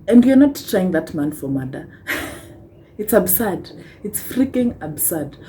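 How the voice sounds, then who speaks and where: A woman's voice: medium pitch, mellow, slight background noise, poor audio. A young Kenyan woman with a Kenyan accent ranting on a vlog, impassioned and rhetorical, tagging points with "hmm?" and wry laughs. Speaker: vlogger.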